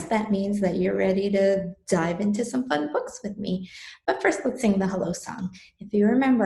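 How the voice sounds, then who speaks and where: A woman librarian leading a playful, animated storytime for preschoolers. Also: medium pitch, gravelly. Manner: playful, animated, sing-song with kids. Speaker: children's librarian.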